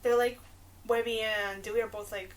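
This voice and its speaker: A woman's voice: a little high, little pitch movement, moderate pace, recorded from a distance. A woman co-hosting a podcast, chatting casually with lots of fillers and the odd swear. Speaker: podcast co-host. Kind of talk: casual episode recap chat.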